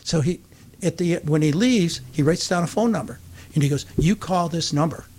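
An older man with an upstate New York accent spins a long, chatty anecdote. His voice sits a little high, and he jumps into the voices of the people in his story as he goes. It sounds like a relaxed radio host among friends. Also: moderate pace. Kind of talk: casual storytelling chat.

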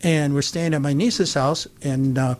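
An older man with an upstate New York accent spins a long, chatty anecdote. His voice sits a little high, and he jumps into the voices of the people in his story as he goes. It sounds like a relaxed radio host among friends. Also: a little slow. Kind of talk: casual storytelling chat.

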